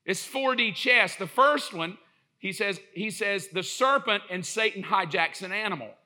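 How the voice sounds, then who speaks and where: A male pastor preaching a sermon in an animated, joking storyteller's way, acting out little quotes as he goes. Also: high voice, normal speed.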